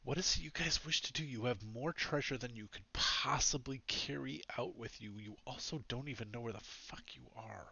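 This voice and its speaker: A man's voice: medium pitch, moderate pace, gravelly, hardly any pauses, pushed and bright, breathy edge, no echo, highs cut off. A man narrating as game master of a tabletop game, chatty, laughing often, with many fillers.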